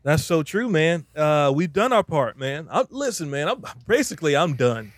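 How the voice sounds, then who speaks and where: A man's voice: on the high side, very animated, normal speed, dry recording. A man preaching in a podcast chat, emphatic and repeating phrases for effect. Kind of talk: animated sermon-style talk.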